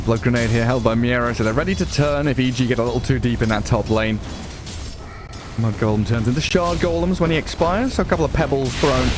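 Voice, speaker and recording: A man with a Northern English accent calls an esports match in quick play-by-play. He is excitable and laughs easily, with his voice sitting at a middle pitch. Music plays clearly beneath him. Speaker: esports caster. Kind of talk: play-by-play commentary. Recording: music playing underneath.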